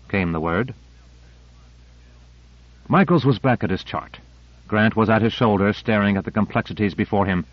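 A man reading an audiobook in an even, measured way. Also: on the low side, no echo. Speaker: audiobook narrator. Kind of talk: scripted narration. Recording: dull, dry audio.

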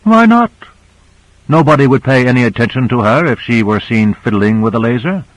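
A man's voice: medium pitch, animated, moderate pace, no room sound, close to an everyday voice, rough recording. A male narrator voicing Michaels, a wry, melancholy man who probes with dry, knowing remarks. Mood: probing. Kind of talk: audiobook character reading.

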